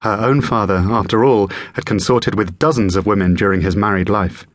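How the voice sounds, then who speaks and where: An audiobook narrator reads a thriller aloud in a measured, even storytelling style, delivering scripted narration. His voice is fairly low, and the recording is dry with clean studio sound.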